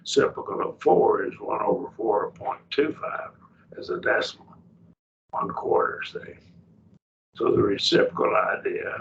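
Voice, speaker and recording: A man's voice: fairly low pitch, vocal fry, fairly bright tone, slight background noise. A man teaching a Greek grammar class, explaining patiently and checking in with his students, heard from a distant mic. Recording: distant mic, dull muffled classroom recording.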